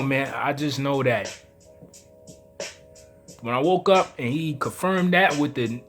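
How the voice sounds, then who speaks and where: A man, a spiritual vlogger telling a dream story to camera in a casual, animated way, acting out his own lines as quotes. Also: a little high. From New York.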